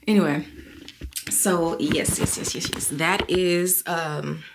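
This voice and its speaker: A young woman vlogs at home, chatting loosely to the camera and calling her viewers y'all. Her voice sits a little low for a woman, and a faint noise hums in the background. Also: steady tone, slow pace, gravelly. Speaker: vlogger. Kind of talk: casual chat to camera.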